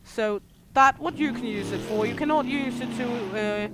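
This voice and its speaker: Young adult woman streamer, danish first language, fairly high voice, explains gameplay over loud game noise. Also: moderate pace. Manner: explaining game features, listing items. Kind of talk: gameplay livestream commentary. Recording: noisy game audio behind.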